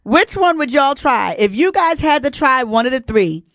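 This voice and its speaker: Woman, forties, casual live-stream host, chatty and emotional, slightly high voice, dry close sound. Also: sing-song, normal speed, a bit bright, dry recording. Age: 40s. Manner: chatty and emotional, addressing viewers as y'all.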